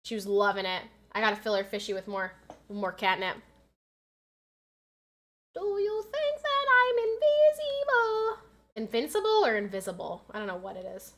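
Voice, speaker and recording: An American young woman streaming a game, chatting casually, reading chat aloud and turning frantic when the action heats up. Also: mid-range voice. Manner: chatty, reads chat aloud, gets loud and frantic in fights. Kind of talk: casual live-stream chat while gaming.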